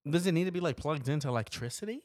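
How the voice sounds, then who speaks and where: This is a podcast co-host talking over a horror film in easy, casual chat, the pitch swinging widely as they act out loud reactions. The recording is close and dry, with no room sound. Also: rapid-fire, no echo. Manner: animated, laughs often, acts out reactions in a loud put-on voice.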